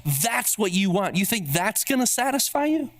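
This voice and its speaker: Guy doing god talking to jonah, higher voice, pushy questions, sermon retelling. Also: sing-song, moderate pace, fairly bright tone. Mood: challenging. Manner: pointed rhetorical questions. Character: God speaking to Jonah, patient and probing.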